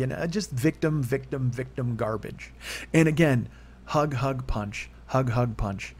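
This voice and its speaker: A man in his forties, with a mid-range, breathy-edged voice at a moderate pace, candidly rambles through a personal story on his own. It's confessional, and his voice rises sharply whenever he becomes worked up.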